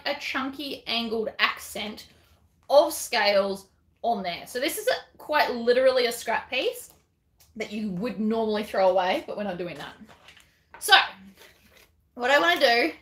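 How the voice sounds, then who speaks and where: A woman talks through a craft tutorial in a casual, self-deprecating way as she works. Her voice is bright and a touch high, and it rings in an echoey room. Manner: chatty and self-deprecating, talking while working.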